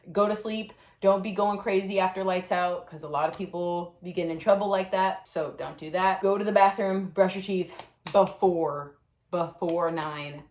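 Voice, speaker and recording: A young woman in her twenties casually telling stories and giving tips about basic training, chatty and animated with lots of fillers. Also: lowish voice. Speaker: vlogger sharing Air Force basic training experience. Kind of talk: casual storytelling and tips to camera. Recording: echoey room.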